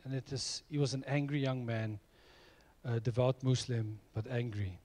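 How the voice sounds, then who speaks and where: A man's voice: medium pitch, steady tone, normal speed, darkish tone. A middle-aged man preaching a sermon, telling personal stories in an earnest way. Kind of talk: sermon with storytelling.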